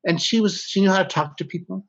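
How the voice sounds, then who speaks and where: A man's voice: high-pitched, quick pace, creaky. Candid man telling his story, muffled audio. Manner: reflective, frank, often self-interrupting. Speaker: guest author. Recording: slightly dull lo-fi audio.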